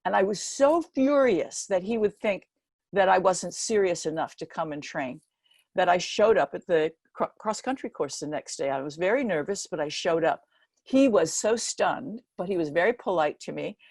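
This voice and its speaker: A woman in her seventies giving a motivational speech, telling a story with lively energy and acting out the other voices in it. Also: lowish voice, moderate pace, dry recording. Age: 70s. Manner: lively storyteller who acts out the quoted voices. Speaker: guest speaker.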